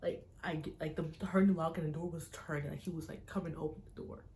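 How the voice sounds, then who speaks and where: A young woman, a vlogger, recounting a personal story to camera in an animated, tense way, full of fillers. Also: deep voice, fast. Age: young adult. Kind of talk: casual storytime vlog.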